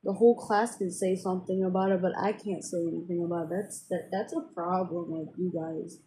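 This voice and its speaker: A woman's voice: fairly low pitch, steady tone, fairly quick, warm tone, slight background noise, poor audio. Rambling young woman venting casually. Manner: rambling, with many fillers and restarts. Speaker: vlogger. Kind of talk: casual personal venting to camera.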